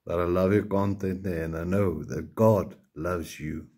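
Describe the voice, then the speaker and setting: A South African man rambles through a casual video message at an unhurried pace. His voice is deep, dark and somewhat husky, and he tacks a tag onto nearly every sentence. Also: steady tone. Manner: rambling, repeats the tag "ne" often, swears casually. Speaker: video maker addressing a fellow YouTuber.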